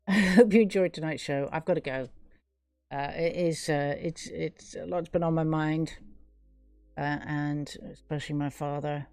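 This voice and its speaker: A woman's voice: low voice, steady tone, unhurried, darkish tone, faint music behind. A middle-aged woman hosting a live stream, talking to her viewers in an earnest, rambling casual monologue.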